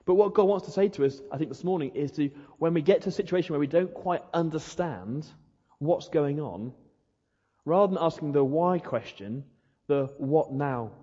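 A man's voice: a little high, animated, moderate pace, warm tone, slightly rough. A man preaching a sermon, acting out questions and prayers in a rhetorical way. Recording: dull echoey hall.

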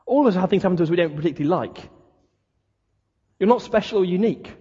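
Man, sermon, higher voice, husky, rhetorical questions. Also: expressive, very fast, dark tone. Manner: conversational preaching, rhetorical questions. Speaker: preacher. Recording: dull lo-fi sound, long hall reverb.

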